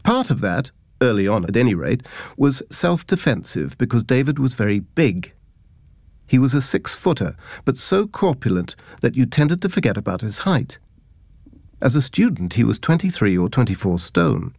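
A man's voice: mid-range voice, sing-song, moderate pace, darkish tone, no room sound. A man giving scripted narration of humorous memoir anecdotes, in a wry, dry, self-mocking storytelling manner.

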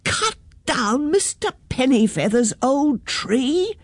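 A woman reading a storybook aloud, voicing a bossy woman mayor in a loud, commanding way at a slow pace. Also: fairly high pitch, animated, no room sound. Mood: outraged.

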